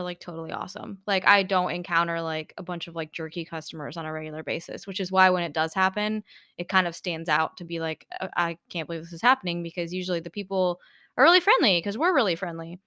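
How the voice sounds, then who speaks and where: Bright, chatty young woman. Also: on the low side, smooth, no room sound, studio quality. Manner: chatty storyteller, many fillers. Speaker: podcast co-host. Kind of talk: casual chat.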